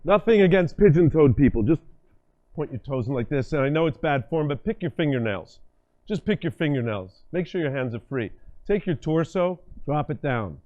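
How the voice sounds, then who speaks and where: A man's voice: fairly high pitch, normal speed. Middle-aged guy running a workshop talk, bouncy swoopy voice, kinda muffled recording. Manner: animated, directive, demonstrates states with his voice and body. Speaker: workshop speaker and communication coach. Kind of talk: live talk leading audience exercises. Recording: dull lo-fi lecture recording.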